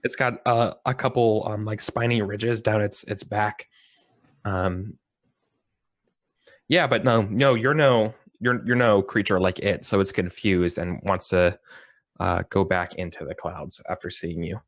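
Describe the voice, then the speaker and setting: A man's voice: fairly low pitch, fairly even intonation, unhurried, dry recording, studio quality. A man narrating as game master, loose and rambling with many fillers.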